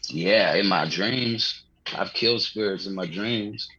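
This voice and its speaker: A man's voice: on the low side, unhurried, bright, forceful tone, husky, dry recording, muffled recording. A man, a comedian guest on a podcast, telling rambling, slangy stories with plenty of swearing and laughter. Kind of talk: casual podcast storytelling.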